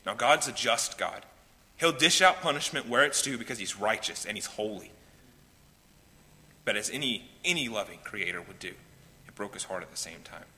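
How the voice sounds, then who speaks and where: A man preaching a sermon as pastor, swinging between loud pleading and hushed, quiet lines. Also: on the low side, expressive, moderate pace. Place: church sanctuary. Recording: reverberant hall with faint noise.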